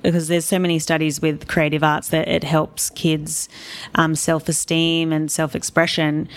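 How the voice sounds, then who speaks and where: An Australian woman speaking as an interview guest, telling stories candidly and with animation. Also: sits low. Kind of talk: casual interview talk.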